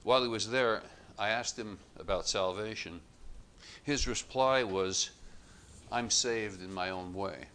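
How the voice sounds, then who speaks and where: Low-voiced bright man preaching a sermon. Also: a little hiss or hum. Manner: measured, emphatic contrasts, rising louder on quotes.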